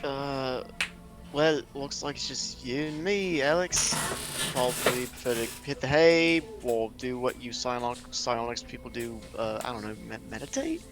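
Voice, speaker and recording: A man's voice: medium pitch, a little slow, over music. A man playing a tabletop game, talking in character with lots of fillers and restarts. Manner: animated, laughing, rambling with fillers. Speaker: player.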